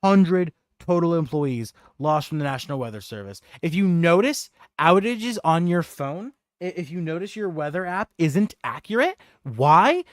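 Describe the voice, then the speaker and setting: A man riffs on the news in a loose, sarcastic way, dropping curses and scornful asides. His voice sits a touch higher than usual for a man. The sound is dry and close, with no room around it. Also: no echo. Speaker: streamer reacting to news. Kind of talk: casual live reaction commentary.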